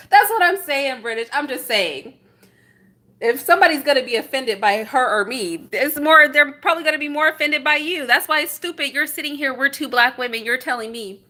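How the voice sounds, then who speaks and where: High-voiced woman, indignant and animated. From San Francisco, USA. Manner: animated, indignant storytelling with rhetorical questions. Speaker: vlogger reacting to chat. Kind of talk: casual livestream chat.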